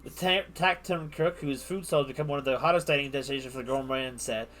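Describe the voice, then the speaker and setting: A man's voice: medium pitch, quick pace, a bit bright. A man streaming a game live, reading the on-screen text aloud and rambling playfully between lines. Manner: playful, rambling asides with frequent restarts. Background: game music.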